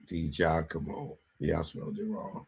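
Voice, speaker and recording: A man's voice: a bass voice, normal speed, vocal fry, darkish tone, breathy edge. A man hosting a casual livestream, rambling and talking to himself while he sounds things out. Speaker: host.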